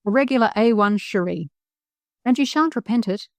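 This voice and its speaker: A woman's voice: fairly high pitch, lively intonation, moderate pace, no echo, voice pushed up. A woman voicing a polite, scheming young schoolboy who talks earnestly and sweetly. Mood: wheedling.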